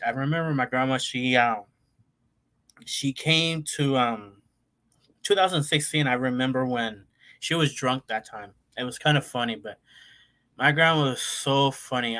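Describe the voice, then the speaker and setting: A man's voice: medium pitch, bright, forceful tone. A young man, telling family stories in a rambling casual monologue full of fillers and restarts. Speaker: vlogger.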